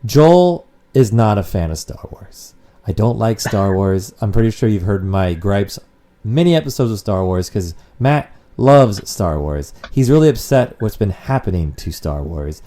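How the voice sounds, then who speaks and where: A man's voice: fairly low pitch, animated, unhurried, mellow. A man co-hosting a casual podcast, rambling and swearing freely as he chats. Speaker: podcast co-host.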